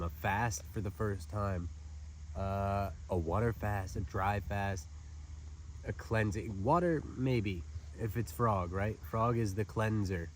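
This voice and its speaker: A man with a fairly low voice gives a casual spiritual oracle card reading outdoors at a lakeside park. He talks in a loose, rambling, chatty way, drifting between asides and card readings. Faint outdoor noise and birds sit quietly behind him.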